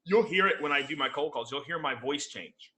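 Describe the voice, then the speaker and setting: A man explaining sales calls in a lively, casual chat. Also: a little high. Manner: animated, explanatory, fast bursts.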